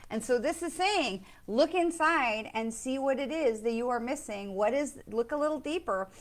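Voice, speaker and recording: A middle-aged woman speaks in a fairly high voice, hosting a weekly spiritual talk. She is chatty and enthusiastic and keeps checking in with her listeners as she goes. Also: animated, normal speed. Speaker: psychic medium hosting a weekly live. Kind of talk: casual spiritual talk with card readings.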